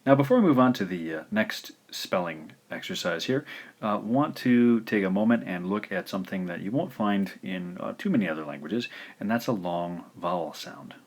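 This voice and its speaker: A man narrates a recorded lesson in a somewhat low voice. He sounds out syllables slowly and deliberately, repeating each one, and fills pauses with "uh" as he explains. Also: animated. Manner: slow, careful pronunciation drills with frequent "uh" fillers. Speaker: language teacher.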